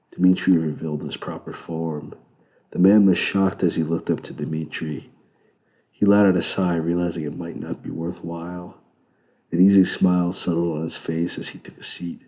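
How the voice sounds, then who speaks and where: Very low, gravelly man narrating a novel. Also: mellow, low-quality recording. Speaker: audiobook narrator. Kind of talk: first-person novel narration.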